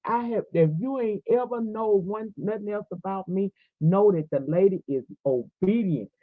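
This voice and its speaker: A woman in her forties preaches fervently on a livestream, addressing viewers head-on in a mid-range voice at a moderate pace. Tinny phone-like audio, dry, with no echo.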